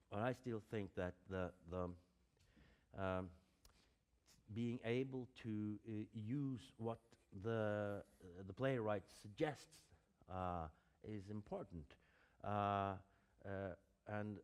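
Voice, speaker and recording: A man's voice: lowish voice, darkish tone, smooth. A man, an acting teacher giving a lecture, hesitant and full of fillers and restarts.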